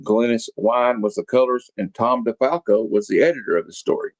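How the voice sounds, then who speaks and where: A man's voice: medium pitch, lively intonation, a little fast, no room sound, poor audio. A man co-hosting a comic review show, casually recapping the story with lots of fillers and quoted lines. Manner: rambling, with many fillers and restarts, quotes the characters. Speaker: comic review podcast co-host.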